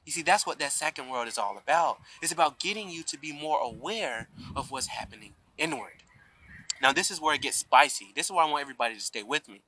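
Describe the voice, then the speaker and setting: A man's voice: fairly high pitch, expressive, fast, sharp tone, slight background noise, low-quality recording. A man giving an emphatic spiritual talk to a camera outdoors, often asking "you see?". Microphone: camera mic.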